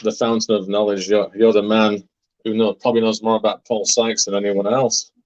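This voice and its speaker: A man's voice: fairly low pitch, little pitch movement, fairly quick, darkish tone. A man with a Yorkshire accent chatting casually as a guest, giving brief, agreeable replies. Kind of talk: casual chat. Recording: lo-fi call audio.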